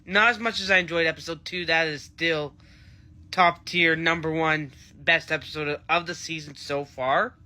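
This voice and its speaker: A man's voice: fairly high pitch, steady tone, moderate pace, pushed and bright. A man giving a casual, rambling, enthusiastic review of a TV episode. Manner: enthusiastic, rambling fan chatter. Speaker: TV show reviewer.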